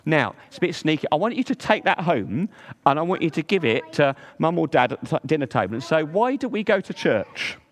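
Male storyteller for kids, slightly high voice, coaxing, dramatic pauses. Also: expressive. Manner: gentle and coaxing, drawn-out emphasis. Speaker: children's talk leader at church. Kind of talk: storytelling to children.

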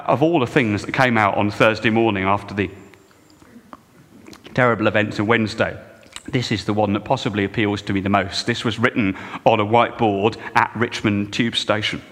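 A male pastor preaching a sermon with wry, expressive delivery that swings from hushed to emphatic. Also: fairly low pitch, creaky, big-room sound.

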